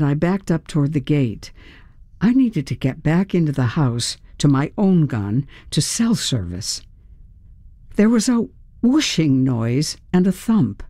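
A woman reading a first-person story as an audiobook narrator, in a measured, steady storytelling manner. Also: low voice, no echo, clean studio sound.

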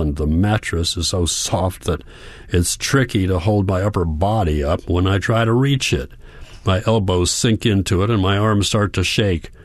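A man narrating a first-person novel as an audiobook, calm, measured and reflective. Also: sits low, dry recording.

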